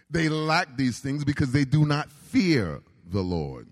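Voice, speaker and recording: Man preaching, slow and drawn out, call and response, big hall echo. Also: mid-range voice, very animated. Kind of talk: sermon. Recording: reverberant hall.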